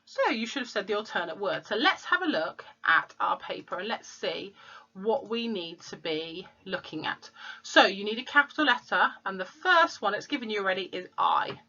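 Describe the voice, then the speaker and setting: A woman teacher, slowly sounding out letters and words in a phonics lesson for young children. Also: mid-range voice, expressive, sharp tone, muffled recording. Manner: slow, clear sounding-out of letters. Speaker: primary school teacher.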